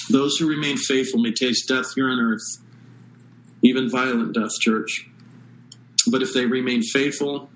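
Man, pastor, sermon, earnest, emphatic pauses, mid pitch. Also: fairly even intonation, a bit bright, low-quality recording.

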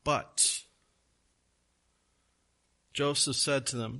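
Man preaching, bright, slightly high voice, emphatic stresses. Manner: emphatic, slows and stresses key words; folksy asides. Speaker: pastor. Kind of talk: sermon.

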